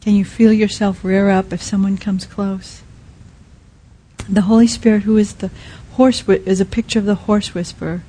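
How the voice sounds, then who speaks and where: Woman, sermon, husky, mellow, soft and halting delivery. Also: medium pitch, fairly even intonation, poor audio. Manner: soft, halting, many restarts and fillers. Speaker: speaker at a Christian teaching.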